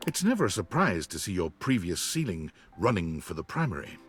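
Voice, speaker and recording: A man's voice: sits low, very animated, fairly quick, soft background music. A man narrating a video game in a wry, storytelling manner. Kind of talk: scripted narration.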